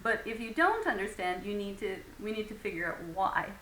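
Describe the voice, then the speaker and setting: In a recorded English conversation lesson, a woman speaks briskly and animatedly at a medium pitch, her voice pushed and bright. She's patient, leans on many fillers, and acts out sample phrases, all in an echoey room with faint background noise.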